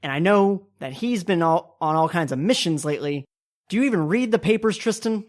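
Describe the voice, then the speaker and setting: A woman's voice: lowish voice, animated, fairly quick, a little mellow, close to an everyday voice. A woman doing a suspicious, accusing party guest. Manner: insistent, pointed.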